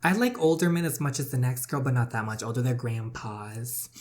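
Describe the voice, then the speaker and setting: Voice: medium pitch, lively intonation, a little fast. Let's-play gamer, story game narration, sassy commentary, chatty.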